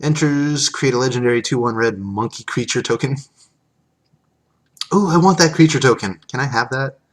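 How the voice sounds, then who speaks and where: A man's voice: medium pitch, normal speed. A man casually chatting on a live stream, reading card text aloud and thanking viewers as he opens packs.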